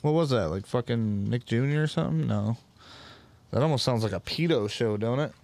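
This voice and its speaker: A man of medium pitch chats brashly on a podcast, swearing freely and telling animated stories. The sound is dry and close, with no room echo. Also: brisk, vocal fry. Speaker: podcast co-host. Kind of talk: casual chat.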